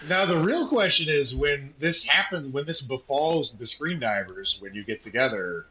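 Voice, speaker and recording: A man's voice: mid-range voice, animated, normal speed, sharp tone, poor audio. A man guesting on a podcast in casual chat, asking playful, teasing questions.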